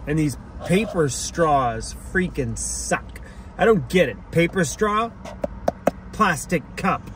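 A man's voice: fairly high pitch, expressive, slow pace, noisy background. A man chatting casually to the camera in a travel vlog, laughing often and talking fondly to his dog. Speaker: van life vlogger.

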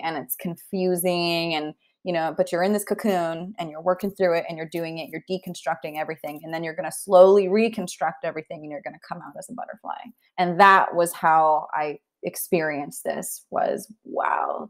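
A young adult woman, a therapist, talking in an earnest, heartfelt and reflective way during an interview. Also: lowish voice. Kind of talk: interview conversation.

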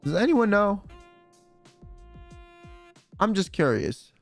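A young man chats on a livestream in a high voice that leaps up and down with animation. He rambles through slangy, offhand stories. Faint music plays softly behind him. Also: very animated, slow pace. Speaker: streamer. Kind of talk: casual livestream chat.

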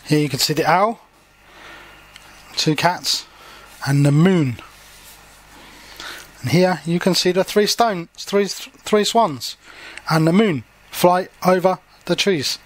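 A man's voice: fairly high pitch, a bit bright. A man reading a children's story aloud as a language teacher, stopping to explain words simply.

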